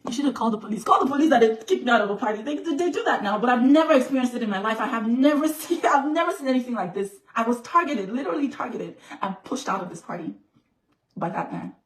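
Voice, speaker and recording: A woman's voice: a little high, expressive, fast, distant mic, slight background noise. A woman vlogger telling a personal story to her viewers, repeating phrases for emphasis. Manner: repetitive, emphatic retelling. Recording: roomy echo.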